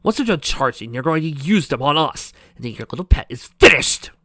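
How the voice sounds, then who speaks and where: A man's voice: fairly high pitch, sing-song, a little fast, bright, forceful tone, dry recording, studio quality, heavily acted. A man doing a theatrical, irritable chaos spirit. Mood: annoyed.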